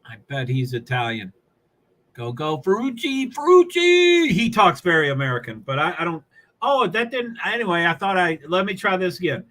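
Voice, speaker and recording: Bright, chatty New man. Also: on the high side, a little fast. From New England. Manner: rambling, self-interrupting, chuckling often. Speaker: live streamer. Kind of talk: casual live-stream chatter while watching a race.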